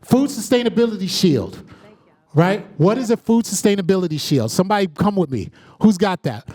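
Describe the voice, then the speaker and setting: A man's voice: high-pitched, animated, brisk, dark tone, no echo. A man facilitating an interactive workshop, energetically calling on the audience and checking in with "right?" as he goes.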